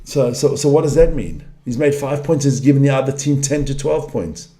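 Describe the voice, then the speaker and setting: A middle-aged man gives running live commentary on a game he is watching. He is openly frustrated, blunt and prone to swearing. His voice is mid-pitched with a dark, mellow tone. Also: a little fast. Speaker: fan commentator.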